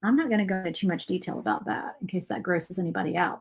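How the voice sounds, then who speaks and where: A woman's voice: fairly low pitch, expressive, quick pace, creaky, breathy edge, poor audio. Chatty woman giving a painting tutorial. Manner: chatty and rambling, thinks aloud with fillers and asides. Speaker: craft channel host. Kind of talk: casual painting tutorial chat.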